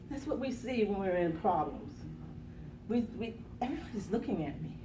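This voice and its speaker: A woman's voice: fairly high pitch, expressive, normal speed, background noise. A woman motivational speaker telling a dramatic personal story, acting out the quotes with gasps and bursts of laughter. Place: conference room. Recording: echoey room from a distance.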